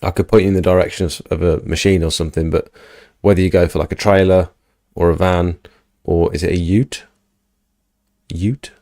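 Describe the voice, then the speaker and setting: A man's voice: deep voice, level tone, a little fast, creaky, hardly any pauses, mellow, no echo, studio quality. A man hosting a casual livestream, chatting and reading out viewer comments. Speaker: livestream host.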